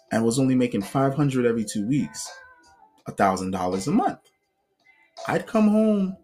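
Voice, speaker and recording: A man casually telling a personal story about past relationships in a blunt, profane way, acting out what others said. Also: mid-range voice. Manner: blunt and profane, animated when mimicking others. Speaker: self-help vlogger.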